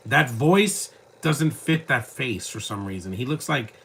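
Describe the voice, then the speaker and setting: Bright-voiced man giving movie commentary. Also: mid-range voice, lively intonation, unhurried, slight background noise. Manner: rambling, joking asides.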